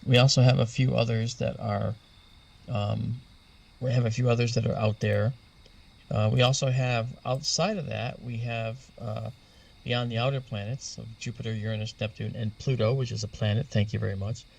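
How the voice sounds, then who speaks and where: A man with a gravelly, creaky voice, heard a little set back from the mic. He talks patiently as an interview guest and spells out the terms he uses. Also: mid-range voice, steady tone, normal speed, far from the mic. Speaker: astronomy guest expert. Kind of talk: explanatory interview talk.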